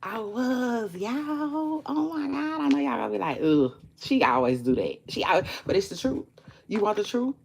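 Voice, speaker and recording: A woman vlogging in casual chat to camera, animated, profane and chatty, talking straight to her viewers. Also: high voice, moderate pace, vocal fry, slight background noise.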